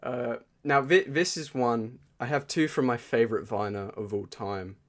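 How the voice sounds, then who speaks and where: A man co-hosting a podcast in relaxed conversation, his voice sitting in an ordinary middle pitch. He rattles off favorite lines and memes, jumping up in energy when he quotes them. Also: moderate pace. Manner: quotes memes in lively bursts. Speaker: podcast co-host. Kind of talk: casual chat.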